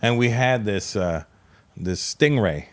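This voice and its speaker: A man in casual podcast chat, an animated storyteller who acts out the voices in his anecdotes. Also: on the low side, takes it slowly.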